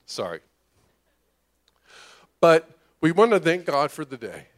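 A man's voice: fairly high pitch, sing-song, slow pace. A middle-aged man preaching a conversational sermon, often asking "right?" and acting out the voices of the people he describes. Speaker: pastor.

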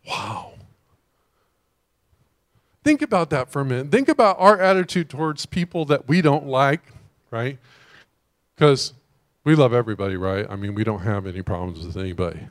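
A man preaching a sermon in a conversational way, breaking into sudden loud exclamations. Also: medium pitch, animated, moderate pace, long pauses. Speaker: pastor.

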